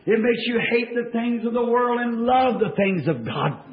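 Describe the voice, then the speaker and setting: A man preaching a fervent revival sermon to a church congregation, in folksy plain-spoken speech that swings from hushed tones to shouting. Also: very high-pitched, animated, normal speed. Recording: echoey, dull old church tape.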